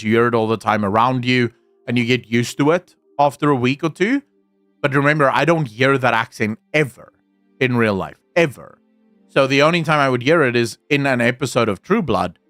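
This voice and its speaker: A man's voice: mid-range voice, fairly bright tone, no echo. A man chatting casually on a livestream, answering his chat, rambling and opinionated with frequent restarts.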